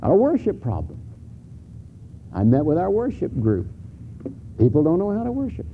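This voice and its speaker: In a church sanctuary, a middle-aged pastor preaches a sermon, his slightly high voice swinging hugely in pitch at a normal speed. He talks candidly and conversationally, stumbling over restarts and building to emphatic peaks. The recording is lo-fi and phone-like, with faint hiss.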